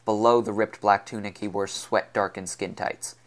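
A man reading a science fiction novel aloud as narrator, in an even, unhurried storytelling manner. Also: fairly low pitch. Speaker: audiobook reader. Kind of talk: scripted narration.

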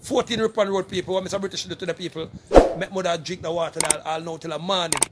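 A middle-aged Jamaican vlogger talks casually to the camera, appealing for donations emphatically and repeatedly, calling out to people over and over. His high voice holds a steady tone and moves fast, against heavy background noise.

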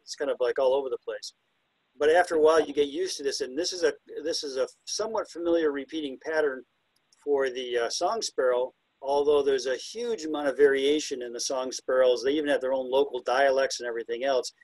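His medium-pitched voice is brisk, husky and darkish as he gives a chatty, self-deprecating illustrated talk on telling birds apart by ear. He mimics the calls at times with hoots and whistles. It's a rough recording without echo.

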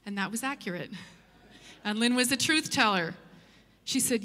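A woman telling a story in a church sermon, lively and humorous as she tells it. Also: mid-range voice, normal speed, in a large hall. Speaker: church speaker. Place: church auditorium.

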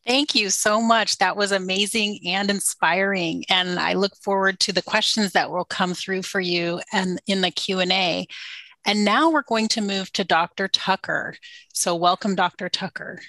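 A woman's voice: medium pitch, fairly even intonation, moderate pace, pushed and bright, dry recording, low-quality recording. A woman moderating an online workshop panel over a video call, thanking speakers and introducing the next one in brief, gracious lines.

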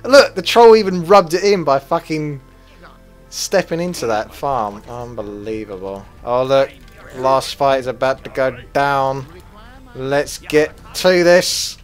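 A man commentating his own strategy game as he plays it, swearing freely and flaring into loud rage before calming down again. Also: mid-range voice, takes it slowly, soft background music. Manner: swears a lot, flares into loud rage then calms. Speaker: gaming commentator. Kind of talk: gameplay commentary.

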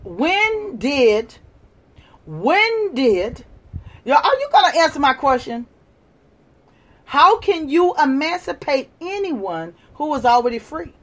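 A woman's voice: high voice, sing-song, takes it slowly. Combative woman ranting on a livestream. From United States. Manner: combative, lecturing, shifts between shouting and quiet muttering. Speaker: livestream host. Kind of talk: live-stream rant to viewers.

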